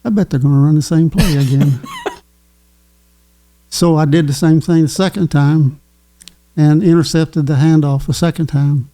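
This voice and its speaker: A man's voice: a little high, fairly even intonation, warm tone. Chuckling older man. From Kentucky. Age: 80s. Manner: chuckling, folksy, halting with fillers. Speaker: guest. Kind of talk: casual storytelling.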